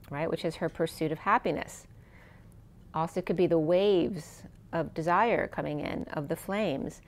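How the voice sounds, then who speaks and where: Woman, tarot reader, slightly low voice, soft and meandering delivery that trails off, voice wearing thin. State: losing her voice. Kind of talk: spiritual tarot reading.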